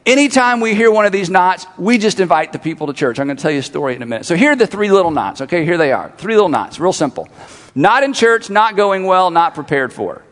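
A middle-aged male pastor with a notably high voice, preaching in an animated way and hammering his points home through repetition. His words ring out with a long reverb across a big church auditorium. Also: quick pace. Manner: animated, repeats phrases for emphasis, leads congregation in call-and-response. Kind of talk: sermon.

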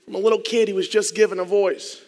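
A man with a high voice tells a personal story to a room. He talks in animated swings, jumping to loud excitement, then sinking to a hush. His voice carries a long reverb from a large hall. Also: fast talker. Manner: animated, swinging between loud excitement and hushed low tones. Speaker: storytelling speaker.

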